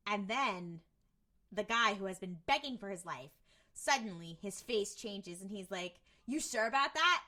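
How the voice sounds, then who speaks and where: A young woman co-hosting a podcast, chatting casually as she recaps an episode and acts out quick quotes from the characters. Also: mid-range voice. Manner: animated, retells scenes with quick voiced quotes. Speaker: podcast co-host.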